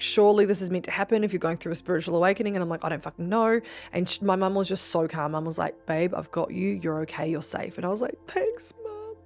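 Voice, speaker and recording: A woman's voice: medium pitch, a little mellow. A young Australian woman hosting a podcast, telling a personal story in a chatty, swearing way and acting out the voices she quotes. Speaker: podcast host. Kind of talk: casual storytelling monologue.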